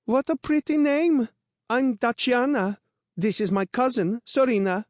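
A man's voice: extremely high pitch, measured pace, darkish tone, dry recording, studio quality, voice pushed up. A man voicing a smug, spiteful noble teenage girl who mocks and sneers in an audiobook. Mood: sneering. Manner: sneering, mocking.

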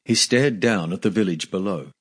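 A man narrating a fantasy audiobook in a measured, steady storytelling manner, lightly voicing the dialogue. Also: low-pitched, husky.

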